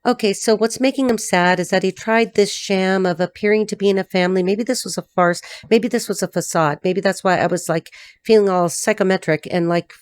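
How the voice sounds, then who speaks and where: A woman's voice: medium pitch, fairly even intonation, a little fast, few pauses, clean tone. A woman from the United States giving a chatty, blunt tarot reading, swearing freely as she talks. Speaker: tarot reader. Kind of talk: casual solo tarot reading to camera.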